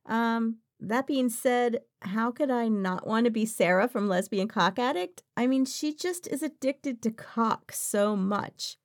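A woman's voice: fairly high pitch, a little slow, hardly any pauses. Giggly, frank woman voice actress. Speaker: voice actress, interview guest. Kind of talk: casual interview answers.

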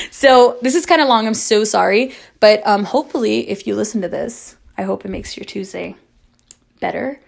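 A woman's voice: mid-range voice, normal speed, creaky. A woman in her twenties telling a story in casual monologue, talking in a chatty way with lots of "like" and swearing. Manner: chatty, heavy use of "like", swearing, dramatic retelling. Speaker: amateur audio creator.

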